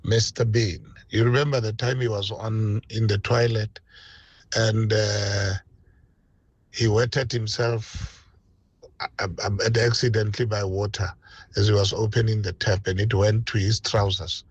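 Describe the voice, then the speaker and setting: A father calling in to a radio show, telling a funny story slowly. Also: lowish voice, flat delivery, husky, no echo, dull audio. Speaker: caller.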